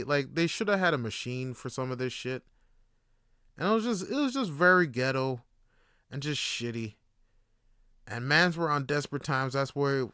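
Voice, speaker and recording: A man's voice: mid-range voice, clear, resonant tone, no room sound, studio quality. A man, hosting a casual solo podcast, telling stories with lots of swearing and laughter. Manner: profane, laughing, animated storytelling. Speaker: podcast host.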